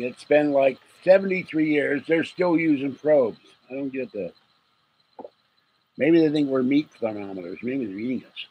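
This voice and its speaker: Husky-voiced man rambling on a stream. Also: mid-range voice, darkish tone, poor audio. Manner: rambling, joking, chuckles often. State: getting sleepy. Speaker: livestream host. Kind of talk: rambling late-night livestream chat.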